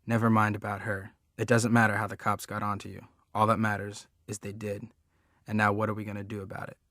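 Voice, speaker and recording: A man's voice: on the low side, monotone, a little fast, fairly bright tone, dry recording, studio quality. A man reading the part of a menacing ex-convict preacher father in an audiobook, with a sly, commanding drawl.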